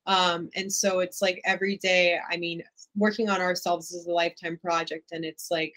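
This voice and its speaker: A young woman speaking as an interview guest, open and reflective, with a lot of casual filler words. Her voice sits lower than most women's. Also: flat delivery, normal speed, a bit bright, low-quality recording. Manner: reflective, candid, many "like" fillers.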